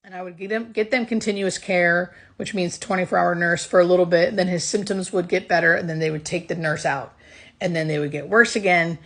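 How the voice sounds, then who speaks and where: A woman's voice: on the low side, steady tone, fairly quick, fairly bright tone. A woman who works as a hospice nurse, earnestly telling a personal work story in a casual way, close to tears.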